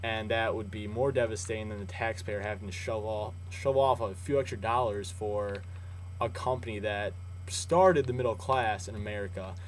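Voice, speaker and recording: A young man hosting a casual news vlog, chatty and jokey, swinging from loud rants to low asides. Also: normal speed, a little hiss or hum, poor audio.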